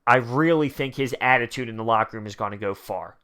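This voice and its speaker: A man giving excited, emphatic fan commentary on his own sports channel, often repeating lines for effect. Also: mid-range voice, quick pace, clean tone. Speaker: sports vlogger.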